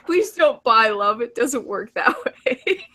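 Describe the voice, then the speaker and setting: A fairly high-voiced woman co-hosting an online talk show. She laughs constantly and swears freely through rude, casual banter. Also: fairly bright tone. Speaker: podcast co-host.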